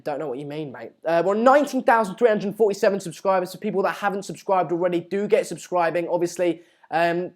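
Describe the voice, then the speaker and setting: A man's voice: high-pitched, a little mellow. A man from Sweden hosting a live football watchalong, casually commenting on play and reading viewer comments. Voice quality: chatty, reads viewer comments aloud. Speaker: live stream host.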